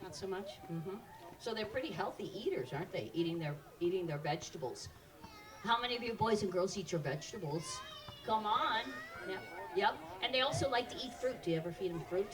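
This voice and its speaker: A woman's voice: mid-range voice, animated, brisk, recorded from a distance, crowd noise. A woman presenting live animals to children at an outdoor park show, quizzing the audience in an upbeat way.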